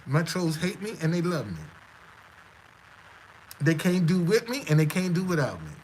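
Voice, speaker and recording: Stammering, high-voiced man streamer. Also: very animated, moderate pace, a little hiss or hum, low-quality recording. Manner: stammering, repetitive, defiant. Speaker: live stream host. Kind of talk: casual live-stream monologue.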